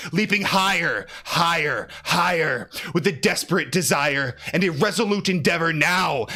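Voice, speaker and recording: A man's voice: on the high side, bright, forceful tone. A man giving a dramatic poetry recitation on a stream, theatrical and ranting, chanting repeated words. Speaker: streamer reading aloud.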